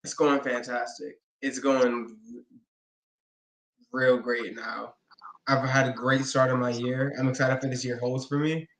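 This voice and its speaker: A man's voice: mid-range voice, level tone, a little slow, fairly bright tone. A man being interviewed as a guest, talking enthusiastically and restarting his sentences often. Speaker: guest, pro wrestler. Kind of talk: casual interview chat. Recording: echoey room.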